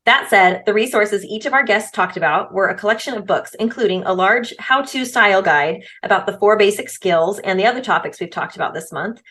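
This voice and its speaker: A woman's voice: medium pitch, bright, forceful tone. A woman in her thirties co-hosting a podcast, talking casually and upbeat. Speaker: podcast co-host.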